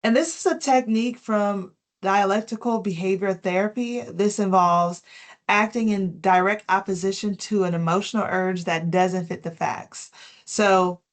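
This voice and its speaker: A woman presents a wellness lesson in a gentle, explanatory way. She works through prepared tips and then unpacks each one in plain words, with casual fillers along the way. Her voice sits at an ordinary middle pitch. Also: normal speed. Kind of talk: health education talk.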